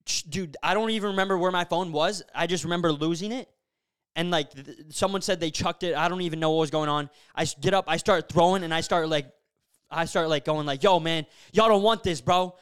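A young male podcast host with a high, smooth and resonant voice. He tells a story in relaxed, animated chat and leans on casual fillers. His delivery is loose and conversational. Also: fairly quick. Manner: animated, filler-heavy storytelling with frequent "bro" and "like".

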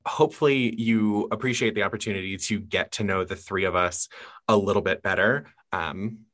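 A woman's voice: rumbling low, moderate pace, fairly bright tone. A woman hosting a casual book podcast, chatty and upbeat as she leads questions and sign-offs. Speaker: podcast host.

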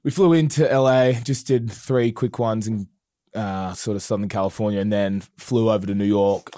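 A young Australian man talks in a studio interview with a low voice, and the sound is close and dry. He rambles easily between thoughts. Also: moderate pace, no echo. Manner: relaxed and rambling, with fillers and laughs. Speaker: guest musician. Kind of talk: casual interview chat.

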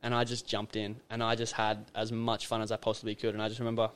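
Animated young Australian man telling stories. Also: lowish voice, quick pace, clean tone. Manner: animated, slangy, lots of fillers. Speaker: podcast guest. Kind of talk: casual storytelling chat.

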